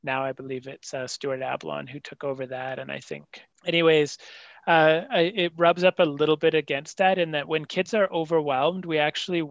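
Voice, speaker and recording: Male psychologist guest, fairly high voice, dry and slightly dull podcast audio. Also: little pitch movement, vocal fry, no echo. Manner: conversational, acts out parents and kids in quick voices. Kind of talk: podcast interview explaining.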